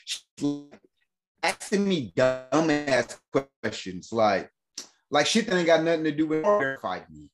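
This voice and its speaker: A man tells a story in loose podcast chat, his voice sitting a bit high for a man. He is animated and slangy, laughs often, and slips into the voices of the people he quotes. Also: measured pace, faint music behind. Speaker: podcast host.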